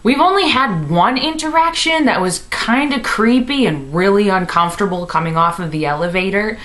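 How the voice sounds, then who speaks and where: A woman in her twenties from Missouri, telling a comic story to the camera in her apartment, bubbly and animated, full of "like". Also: medium pitch, moderate pace. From Missouri, USA. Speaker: comedy vlogger. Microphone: camera in her room.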